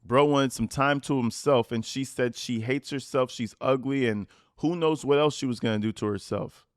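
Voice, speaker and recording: A man's voice: mid-range voice, moderate pace, dry recording, studio quality. Profane mocking man reacting to clips. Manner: mocking, profane, reads text messages in put-on voices. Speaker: commentary channel host. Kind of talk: reaction commentary over interview clips.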